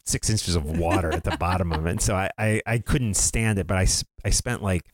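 A man hosting a podcast, chatting casually and quietly at home, rambling and restarting his sentences. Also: sits low, steady tone, brisk, no echo, studio quality. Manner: rambling, self-interrupting. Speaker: podcast host. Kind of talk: casual chat.

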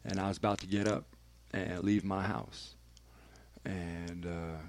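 A man's voice: deep voice, gravelly, a little mellow. A man, a radio personality, telling a candid and emphatic personal story as a podcast guest, swearing freely.

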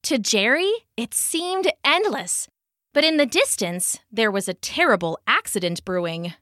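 Animated bright woman reading a children's story. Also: on the high side, unhurried, dry recording, studio quality. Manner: animated, expressive reading with sound-effect words. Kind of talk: children's story read aloud.

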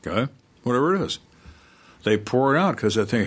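A man's voice: medium pitch, very animated, a little fast, pauses often, husky. A middle-aged man, a former police interrogator, tells stories in a casual interview and acts out the people in them.

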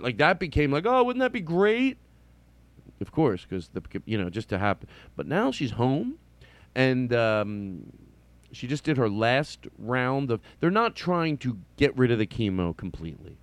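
A man's voice: mid-range voice, dry recording. Man, comedian podcast host, casual monologue, digressive, self-interrupting, chuckling, dry close sound. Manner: digressive, restarts and sidetracks; chuckles while telling stories.

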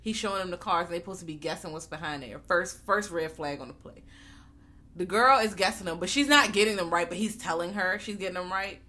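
A woman co-hosting a podcast, recapping a film in animated, profane casual chat and acting out the characters' lines. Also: fairly low pitch, brisk. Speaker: podcast co-host.

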